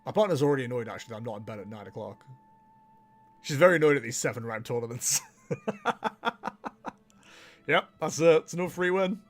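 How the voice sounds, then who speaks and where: A man's voice: mid-range voice, lively intonation, racing, faint music behind. A young man chatting casually on a livestream while he plays, laughing often and poking fun at himself. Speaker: streamer.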